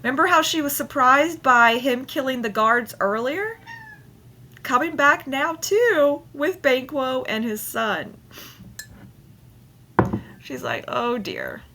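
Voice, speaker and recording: Female teacher, unhurried classroom read-aloud into a computer mic, bright tone, chatty and playful. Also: high voice, animated. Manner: playful, chatty asides with frequent laughter. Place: at home. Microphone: computer mic on a screen recording.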